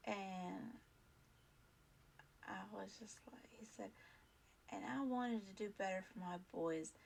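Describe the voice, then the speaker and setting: A woman's voice: medium pitch, takes it slowly, creaky, darkish tone, slight background noise. A woman vlog host telling a personal story in a casual, earnest, rambling way, full of fillers and restarts.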